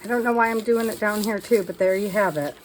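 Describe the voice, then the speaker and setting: A woman chats her way through a messy art session at a home craft table, talking to viewers and scolding herself as she goes. Her voice sits at an ordinary middle pitch. A faint background hiss runs under the recording. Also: quick pace, rough recording. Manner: chatty, self-talking while working, scolds herself. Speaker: craft vlogger. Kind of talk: casual crafting chat.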